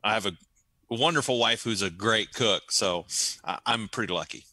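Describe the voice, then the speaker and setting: A man's voice: lowish voice, normal speed, bright, forceful tone, dry recording. A man co-hosting a morning radio show, making dry, wry remarks in casual chat. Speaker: radio co-host.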